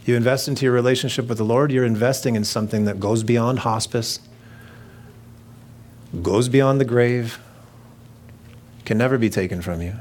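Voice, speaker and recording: A man's voice: medium pitch, moderate pace, pauses often, darkish tone. A middle-aged man preaching a sermon in a conversational, jokey way, slipping into mimicked voices for asides. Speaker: pastor.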